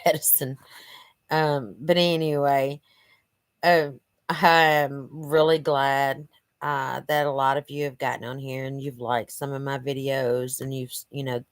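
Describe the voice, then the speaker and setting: A woman's very deep voice comes through with no room sound. She's the channel host, vlogging casually to camera from her living room, rambling and earnest with lots of "you know," and a bit stuffy thanks to allergies.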